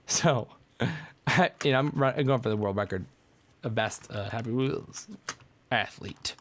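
A man giving excitable, frustrated commentary while playing a video game, yelping and ranting. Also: mid-range voice, normal speed, slight background noise. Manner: excitable, frustrated, yelps and rants. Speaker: gamer. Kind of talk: gameplay commentary.

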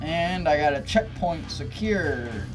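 Brief: excitable let's-play gamer, slow drawn-out delivery that breaks into yelps, laughs and swearing, game music loud underneath. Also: medium pitch. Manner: laughs often, swears casually. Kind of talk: gameplay commentary.

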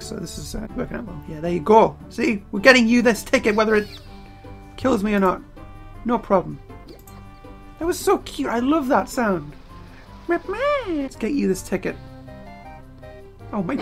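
A man giving casual game commentary while playing, excitable and prone to loud outbursts, his throat getting strained. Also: high voice, creaky. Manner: excitable, bursts into loud yelling. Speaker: let's play gamer.

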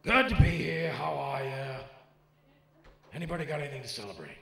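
A man's voice: medium pitch, animated, brisk. A man doing an Al Pacino impression, playing a brash, foul-mouthed stand-up comic who barks at hecklers in a live show. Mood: combative. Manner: gravelly, barking at hecklers, swinging from mutters to shouts. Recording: echoey live club with crowd noise.

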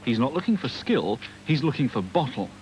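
A man's voice: medium pitch, big pitch swings, fairly quick, a little mellow, a little hiss or hum, rough recording. A British man giving matter-of-fact scripted narration for a documentary.

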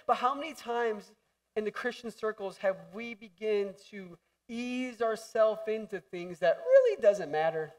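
Young male pastor with a high voice, animated and jokey, preaching on a stage mic. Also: a little slow, distant mic. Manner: animated, jokey, acts out voices and shouts for emphasis. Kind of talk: sermon. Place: church hall.

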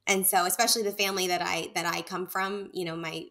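A woman's voice: fairly low pitch, steady tone. Poised woman giving etiquette advice. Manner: poised, warm-toned advice, measured and gracious. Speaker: etiquette expert guest. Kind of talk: interview answers.

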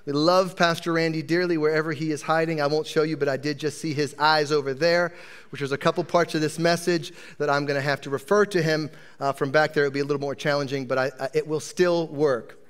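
A man's voice: fairly high pitch, steady tone, brisk, clean tone, a faint crowd. A man who is an associate pastor, preaching a sermon in a chatty, joking way to a live congregation.

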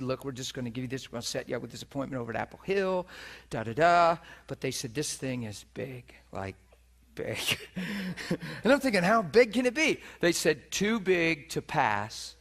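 Animated middle-aged man preaching a story. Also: mid-range voice, fairly quick. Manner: animated storytelling, acts out voices, laughs often. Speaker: preacher teaching on healing. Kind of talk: sermon storytelling. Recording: live teaching session, room mic.

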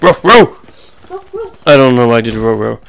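A man's voice: mid-range voice, flat delivery, very fast, gravelly, clear, resonant tone. A young man giving casual, rambling commentary over his own gameplay, full of crude jokes and banter. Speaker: gaming channel host.

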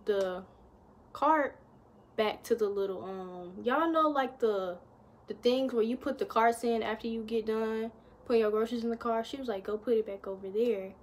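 A young woman, casually telling a storytime vlog to her viewers, chatty and animated in her retelling. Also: on the high side, normal speed. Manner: chatty, addresses viewers as y'all, lively retelling. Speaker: vlogger.

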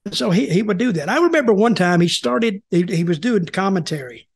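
With a husky, high-sitting voice and lively, brisk delivery, an older host spins wrestling stories in casual conversation. His tales wander, with repeated words, false starts, and quoted dialogue from the people involved.

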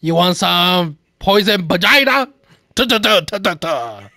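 A man hosting a gaming channel, giving casual, excitable gameplay commentary full of swearing and laughter. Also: sits high, measured pace, vocal fry, no room sound.

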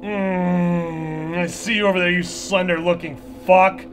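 A man's voice: high-pitched, slow pace, few pauses, a bit bright. A man giving nervous, joking, profanity-laced commentary while playing a horror game. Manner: jumpy, swearing, nervous joking asides. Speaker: gaming channel host.

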